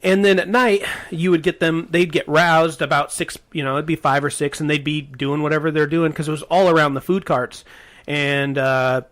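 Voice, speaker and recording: A man's voice: a little high, steady tone, normal speed, fairly bright tone. A man co-hosting a casual podcast, telling stories in a rambling, hesitant way, full of ums and restarts. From Portland area, US. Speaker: podcast co-host. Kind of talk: casual storytelling chat.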